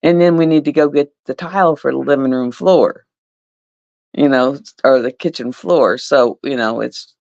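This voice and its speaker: A woman telling a casual, animated story, laughing often and repeating herself. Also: rumbling low, moderate pace, creaky, no room sound, highs cut off. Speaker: livestream host.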